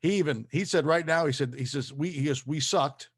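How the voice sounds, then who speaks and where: A man's voice: fairly high pitch, brisk, husky. A man co-hosting a casual sports podcast, teasing his partner, laughing often and leading the segments. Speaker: podcast co-host.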